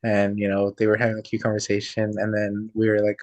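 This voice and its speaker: A man's voice: on the low side, completely flat delivery, fast talker, few pauses, darkish tone, no echo, muffled recording. A young man telling a long, rambling anecdote full of quoted dialogue, joining a casual podcast by video call. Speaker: podcast co-host. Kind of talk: casual chat.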